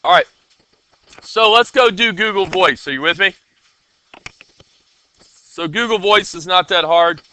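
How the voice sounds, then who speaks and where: Bright casual man teaching a class. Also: high voice, unhurried, pauses often, slight background noise. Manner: casual, checks in with students often. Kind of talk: classroom coding lesson.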